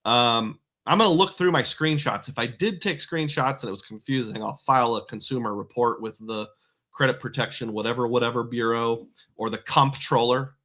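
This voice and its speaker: A personal finance host with a slightly bright mid-range voice runs a casual livestream about credit cards and bank bonuses. He talks in a chatty, rambling way, with lots of asides.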